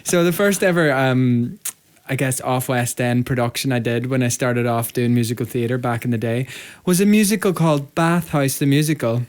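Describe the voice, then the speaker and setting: A man's voice: mid-range voice, moderate pace. A man co-hosting a podcast, a musical theatre performer telling stories with chatty, self-mocking humor. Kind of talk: casual chat.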